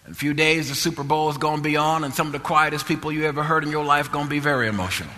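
A fairly high, bright male voice delivers a sermon with an impassioned, repetitive preaching cadence. The sound carries the long reverb of a church hall. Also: rapid-fire, a little hiss or hum.

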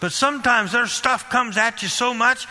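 A man preaching a sermon with fervent, repetitive exhortation that rises to loud emphasis. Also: very high voice, normal speed. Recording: long hall reverb.

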